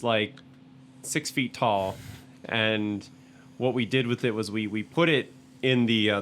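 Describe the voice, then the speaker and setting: A man's voice: on the low side, a bit bright. A young man, a podcast co-host, telling a long story in casual chat, with many restarts and laughs. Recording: faint background noise.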